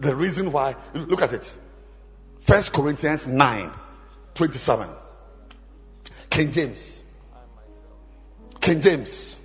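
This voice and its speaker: A man, a bishop, preaching a sermon, shouting lines and leading the congregation in repeated call-and-response chants between quieter asides. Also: fairly high pitch, animated, slow pace, long pauses, slightly rough, big-room sound, muffled recording, faint music behind.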